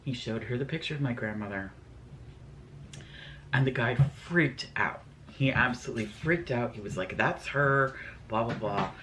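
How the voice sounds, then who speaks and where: A man's voice: medium pitch, normal speed, a bit bright, a little hiss or hum. A man telling ghost stories in a casual storytime vlog, scatterbrained and rambling with lots of fillers. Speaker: vlogger.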